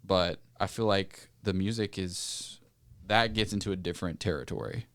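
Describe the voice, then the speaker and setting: A man's voice: deep voice, steady tone, moderate pace, fairly bright tone. A man hosting a podcast, chatting casually and reacting with slang like dude. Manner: casual, chatty, uses words like dude and creepy. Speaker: podcast host. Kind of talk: casual chat.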